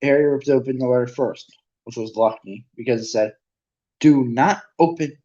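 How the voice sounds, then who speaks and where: A man's voice: medium pitch, steady tone, brisk, warm tone, highs cut off. A man reading a novel aloud as an amateur narrator, often stumbling and correcting himself. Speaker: amateur audiobook reader.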